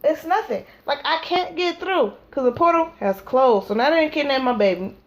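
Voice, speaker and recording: A woman with a high voice tells a rambling, comic story at home. She is animated and breaks into silly voices and sound effects as she acts out each scene. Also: moderate pace, muffled recording. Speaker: vlogger and mother. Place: home at her child's naptime.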